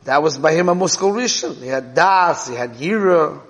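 In a reverberant hall, a man with a fairly bright, higher-pitched voice teaches a Torah class at a moderate pace and with lively intonation. As he explains a parable, he checks in with his listeners using "right?" and "okay?"

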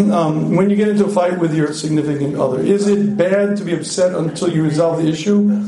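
A middle-aged man giving a joking, animated marriage seminar talk to a live audience, clearing his throat often. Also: on the high side, fairly quick, crowd noise. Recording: echoey hall.

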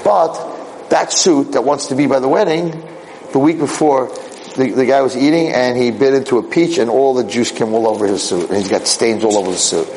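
A man giving a casual, animated Torah talk, telling a parable with quick asides. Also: medium pitch, noisy background. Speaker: rabbi lecturer.

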